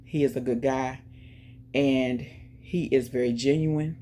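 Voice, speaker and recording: A woman hosting her own channel, chatting casually and directly to viewers, giving shout-outs and talking about faith. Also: extremely low pitch, fairly even intonation, a little slow, slight background noise. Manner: chatty, talks straight to viewers with lots of "y'all". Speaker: YouTube channel host. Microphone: earphones in, music playing in her ear.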